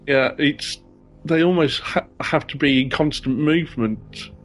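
A man co-hosting a casual podcast chat about a TV episode, chatty and quick to laugh. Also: fairly bright tone, soft background music. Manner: chatty, giggly, acts out quotes with rising pitch. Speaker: podcast co-host.

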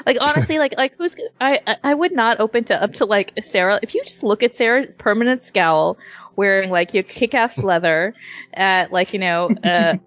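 A woman co-hosting a casual podcast, talking in an animated way with lots of fillers. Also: mid-range voice, moderate pace. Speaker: podcast co-host. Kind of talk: casual chat.

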